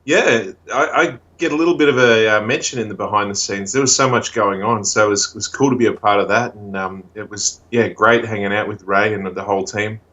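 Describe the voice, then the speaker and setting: Bright-voiced Australian man, easygoing. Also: lowish voice, brisk, hardly any pauses, highs cut off. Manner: easygoing, laughs often. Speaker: comedian and impressionist guest. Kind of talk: casual interview chat.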